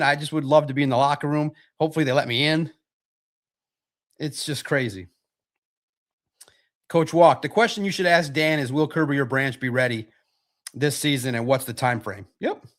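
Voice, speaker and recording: A middle-aged man hosting a casual sports livestream, answering chat questions in a rambling way and often repeating himself as he thinks out loud. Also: on the high side, fairly quick. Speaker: sports podcast host reading chat questions.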